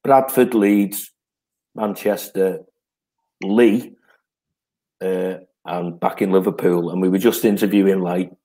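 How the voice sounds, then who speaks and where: A man's voice: sits low, fairly even intonation, slow pace, pauses often, mellow. A man, a guest who tells rambling anecdotes in casual chat and laughs as he tells them. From North West England.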